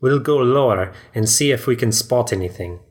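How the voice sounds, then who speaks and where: A man's voice: lowish voice, lively intonation, moderate pace, a bit bright. A man voicing an earnest young male starship officer, his put-on accent clumsy and drifting. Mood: matter-of-fact.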